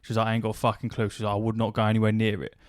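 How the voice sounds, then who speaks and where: A man's voice: lowish voice, monotone, rapid-fire, no echo, studio quality. A man, a podcast host telling a long anecdote in casual chat, swearing freely and acting out quoted back-and-forth dialogue.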